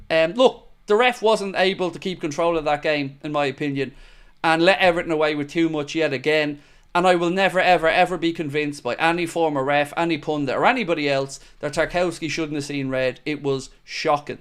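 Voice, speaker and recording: A man's voice: on the high side, a bit bright, clean tone. A young man hosting a live football fan show, reacting to the match and reading viewer comments in blunt, matey banter.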